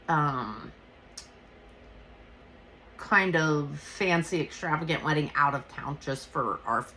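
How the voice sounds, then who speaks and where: A woman hosting a podcast, telling a personal story in a casual, animated way and swearing freely. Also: low-pitched. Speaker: podcast host.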